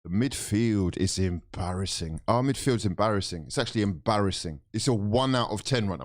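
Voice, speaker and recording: A young man vents about his team in a profane, exasperated reaction rant. His voice swings wildly in pitch, rising to shouts of disbelief and falling to low, bitter muttering. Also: lively intonation, fairly quick, hardly any pauses. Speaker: football fan vlogger. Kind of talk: angry fan reaction rant.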